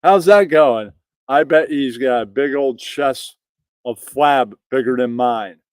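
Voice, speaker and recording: A man's voice: medium pitch, slow pace, darkish tone, smooth, dry recording, pitched below the performer's own voice, lightly acted, poor audio. Man doing a smug, drawling stoner braggart for a comedy riff. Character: lazy, stoned, self-satisfied man bragging.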